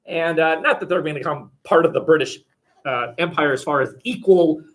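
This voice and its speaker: A man's voice: a little high, a little fast. A male history teacher lecturing a class in a conversational, rambling and wry way, recorded by webcam in a classroom.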